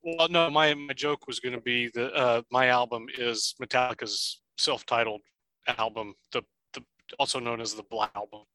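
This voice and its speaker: A man co-hosting a podcast in casual chat, dry and low-key, answering briefly. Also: steady tone, moderate pace, sharp tone, dry recording, poor audio. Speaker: podcast co-host.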